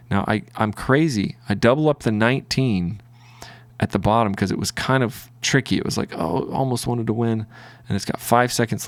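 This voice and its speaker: Man, Southern US accent, lowish voice, rambling casual commentary, lots of ums, dry close recording. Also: smooth, no echo. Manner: rambling, self-narrating with many fillers. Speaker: trading video host.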